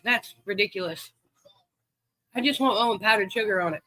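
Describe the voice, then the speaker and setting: This livestream host chats easily with his viewers and greets them by name. His voice is high, bright and forceful, and he talks briskly. The recording is low quality, with no room sound.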